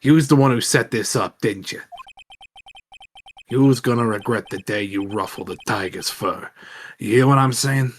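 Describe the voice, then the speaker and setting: A man's voice: medium pitch, moderate pace, pauses often, slight background noise, lightly acted. A man voicing a brash, menacing male thug with a put-on Brooklyn accent, reading game dialogue aloud. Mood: threatening. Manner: tough-guy street talk, bullying and threatening.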